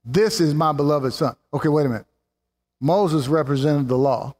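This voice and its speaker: A man preaching a sermon with fervor, building up to exclamations and slowing down to stress key words. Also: a little high, darkish tone. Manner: fervent, rising to exclamations and slowing for emphasis. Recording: long hall reverb.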